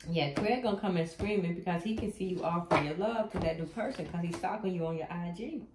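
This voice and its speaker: A woman giving a tarot reading to her viewers, animated and blunt, cursing freely. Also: lowish voice, fast talker. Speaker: tarot reader. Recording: echoey room with faint noise.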